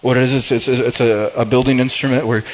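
A man's voice: mid-range voice, steady tone, quick pace, dull audio. A pastor preaching a sermon in a conversational way, often repeating words and restarting his sentences.

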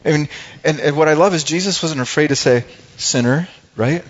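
A man's voice: fairly high pitch, quick pace. Male pastor, conversational sermon, talks right to the congregation, muffled lo-fi recording. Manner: conversational, asks the congregation questions. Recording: dull lo-fi sound.

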